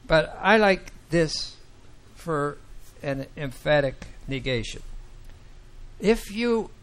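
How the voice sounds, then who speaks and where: A man teaching a Bible class, talking slowly and haltingly with many fillers and restarts. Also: on the high side, animated, fairly bright tone. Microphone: microphone that sometimes cuts out.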